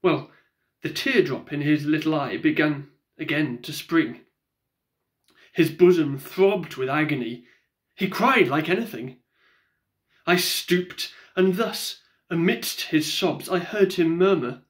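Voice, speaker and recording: Slow, theatrical male verse reader. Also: on the high side. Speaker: poetry reader. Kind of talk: comic verse recitation.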